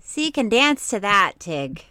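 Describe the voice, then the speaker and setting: A woman's voice: mid-range voice, big pitch swings, measured pace, bright, forceful tone, a little hiss or hum. A woman co-hosting a podcast, chatting and giggling as she talks. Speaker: podcast co-host. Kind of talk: casual chat.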